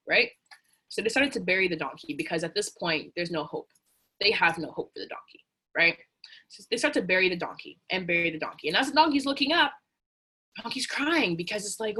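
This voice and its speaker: Bright, husky woman telling a story. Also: fairly low pitch, brisk. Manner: casual, earnest, animated. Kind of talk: motivational storytelling.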